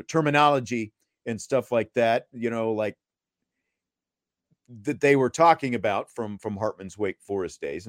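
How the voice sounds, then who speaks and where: A man's voice: mid-range voice, no echo, studio quality. A man hosting a sports podcast, talking casually and rambling with plenty of fillers and restarts. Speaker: podcast host.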